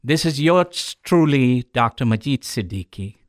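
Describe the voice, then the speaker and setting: A man's voice: mid-range voice, expressive, measured pace, no room sound, clean studio sound. A man who is a doctor hosting a local radio health show, telling corny medical jokes and calling his listeners folks. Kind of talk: joke-filled radio talk.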